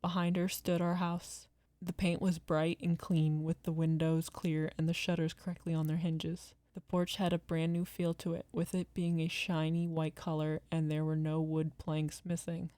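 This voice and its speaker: A woman narrates a horror story in a calm, measured voice. Her voice sits low and mellow, with little rise and fall. The sound is dry and close. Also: no room sound.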